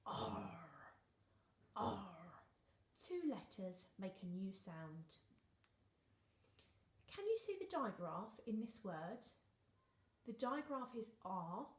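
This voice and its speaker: A woman's voice: medium pitch, roomy sound. A young woman teaching phonics to young children, playful and encouraging, often dropping into whispers. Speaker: reception class teacher.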